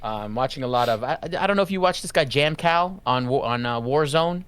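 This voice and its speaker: A man co-hosting a casual gaming podcast, telling relaxed, self-deprecating stories in an easygoing way. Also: medium pitch, quick pace, clear, resonant tone. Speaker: podcast co-host.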